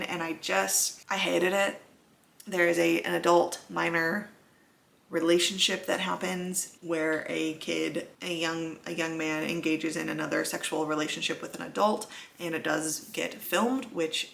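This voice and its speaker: A woman's voice: fairly low pitch, vocal fry, pushed and bright. A young adult woman talking bluntly, with some swearing, in a casual book vlog. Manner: blunt and profane. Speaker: book vlogger.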